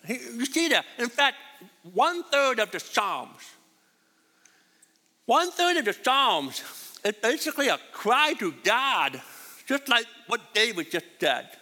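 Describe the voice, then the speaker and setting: A man's voice: very high voice, a little slow, long pauses. A man preaching a sermon as pastor, repeating his points with emphasis in a church hall. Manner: repetitive, emphatic, animated. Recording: reverberant hall.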